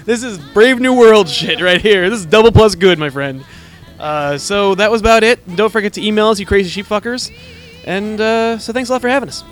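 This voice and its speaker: A man's voice: high voice, fairly quick. A man co-hosting a podcast in loose, rambling casual chat, giggling and swearing often. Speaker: podcast co-host.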